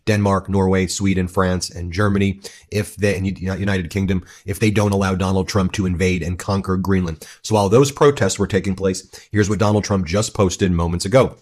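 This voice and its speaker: A man giving political news commentary in an emphatic, indignant way. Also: deep voice.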